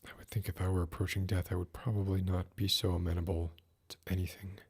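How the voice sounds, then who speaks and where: A man's voice: sits low, level tone, quick pace, a little mellow, breathy edge. A man hosting a live stream, reading a classic story in a formal Mid-Atlantic voice and breaking off to chat casually. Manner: reads in a formal put-on Mid-Atlantic voice, then chats casually. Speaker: streamer and host.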